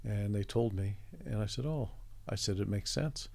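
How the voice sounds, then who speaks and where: Canadian guy rambling thru a story, low gravelly voice, dry close sound. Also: normal speed, a little mellow, dry recording. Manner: reflective, meandering anecdotes with restarts. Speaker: interview guest, artist. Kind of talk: conversational storytelling.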